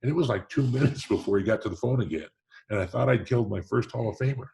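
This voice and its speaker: Here a hall of fame president, a middle-aged man, talks fast in a mid-range, creaky voice while recounting stories in a conversational interview. There's a little hiss or hum on the recording, and his earnest, warm delivery is full of restarts.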